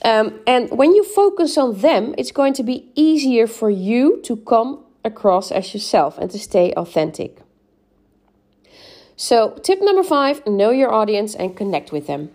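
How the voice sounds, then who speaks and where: Mellow-voiced woman giving podcast tips. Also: a little high, very animated, a little slow. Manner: frequent "um"s and "right?" checks, encouraging. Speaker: podcast host and English speaking coach. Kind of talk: solo podcast advice talk.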